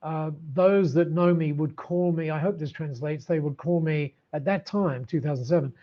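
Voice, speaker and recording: A man's voice: a little high, moderate pace. Older man telling stories, muffled sound. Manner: animated, warm storyteller with frequent restarts and laughs. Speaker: podcast guest. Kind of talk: storytelling in an interview.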